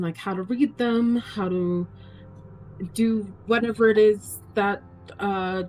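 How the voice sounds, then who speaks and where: A woman's voice: medium pitch, mellow, voice pushed up. A woman voicing a shy, hesitant young girl student who stumbles over her words with many ums.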